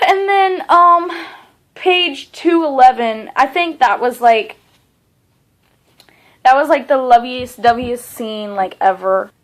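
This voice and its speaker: A young woman reviewing a novel in a casual vlog, gushing and excitable, full of fillers and restarts. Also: high voice, slow. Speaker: book reviewer.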